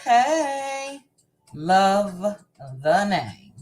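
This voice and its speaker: A woman's voice: mid-range voice, sing-song, very slow. A woman hosting a livestream, greeting her viewers by name one after another in a casual, chatty way. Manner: reads viewer names in a warm, chatty run of hellos. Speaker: livestream host. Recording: faint music behind the voice. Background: faint background music.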